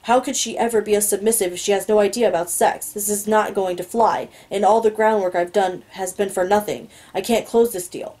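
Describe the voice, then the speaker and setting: A woman's voice: medium pitch, steady tone, fairly quick, few pauses, warm tone, poor audio. A woman reading a novel aloud, narrating in the first person in an inward, musing way. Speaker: audiobook reader.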